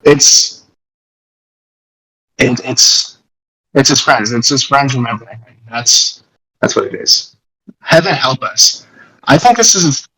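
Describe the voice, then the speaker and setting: A man's voice: medium pitch, animated, slow pace, pauses often, bright, forceful tone, slightly rough, low-quality recording. A young man hosting a casual podcast, explaining an album in a rambling, jokey way with lots of restarts. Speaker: podcast host.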